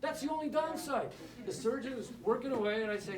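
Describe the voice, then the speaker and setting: A man with a fairly high voice gives a classroom lecture to nurses, cracking jokes and firing questions at the audience. He sounds roomy and somewhat distant from the mic, with faint ambience in the lecture room. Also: fairly quick, few pauses, noisy background. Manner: joking, quizzes the audience. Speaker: anesthesiologist teaching nurses.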